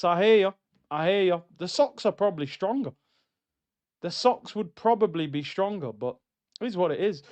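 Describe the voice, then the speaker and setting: A man hosts a live football watchalong, bantering and reading out chat comments. His voice sits high for a man. The stream audio is dull and lo-fi. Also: moderate pace. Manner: animated and joking, reads out chat comments.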